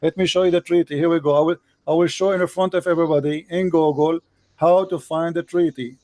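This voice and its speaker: Insistent man with broken English, mellow voice. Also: a little high, fairly even intonation, fairly quick, dry recording. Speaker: debate host. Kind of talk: live online debate.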